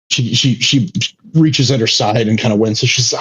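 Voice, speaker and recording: A man's voice: medium pitch, moderate pace, fairly bright tone, breathy edge, highs cut off. A man running a tabletop game as game master, narrating with many halts and restarts.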